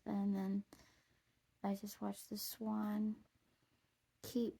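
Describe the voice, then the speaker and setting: A woman with a dark, mellow voice full of vocal fry tells a wandering personal story while out on a trail. She talks loosely and casually, drops a curse here and there, and laughs at herself. Her tone stays husky and low-key throughout. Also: completely flat delivery, drawn-out words. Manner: meandering, swears, laughs at herself. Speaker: vlogger. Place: outdoors on a walking trail.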